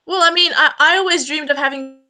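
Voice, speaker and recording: A woman's voice: sits high, quick pace, pushed and bright, low-quality recording. A young woman interviewing a guest in a chatty, rambling way, full of fillers. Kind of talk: casual conversational interview.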